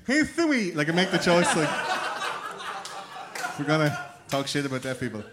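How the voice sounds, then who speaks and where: A man's voice: on the high side, normal speed, heavy background noise. A man hosting a podcast, trading crude jokes and laughing in casual banter. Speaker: podcast host.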